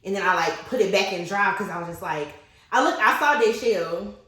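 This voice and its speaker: A woman's voice: medium pitch, brisk. A woman in her twenties telling a personal story in casual, slangy podcast chat. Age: 20s. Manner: animated, candid, slangy storytelling. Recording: very echoey room.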